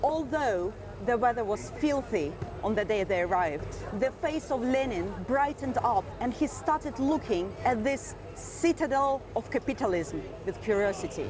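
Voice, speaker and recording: A woman's voice: fairly high pitch, animated, a little slow, hardly any pauses, a crowd in the background, poor audio. A woman tour guide earnestly explaining history outdoors on city streets, with faint traffic behind. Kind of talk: informative storytelling.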